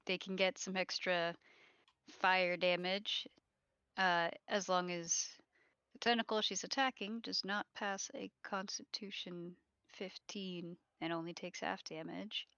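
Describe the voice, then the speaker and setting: A woman playing a tabletop game online, calmly describing her character's moves. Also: medium pitch, clear, resonant tone, dry recording. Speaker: player. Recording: dull lo-fi call audio.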